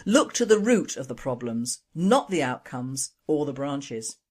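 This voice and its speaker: Woman, radio news host, scornful, sardonic, low, animated. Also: measured pace. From Britain. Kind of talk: opinion news broadcast.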